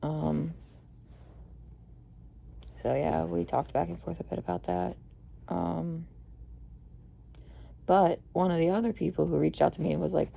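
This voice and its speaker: A young woman with a low, gravelly voice and a dark, mellow tone tells a rambling story full of fillers and swearing. She mostly sounds low-key and tired, then flares up loudly. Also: a little slow, pauses often. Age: young adult. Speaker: vlogger. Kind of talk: casual storytelling rant.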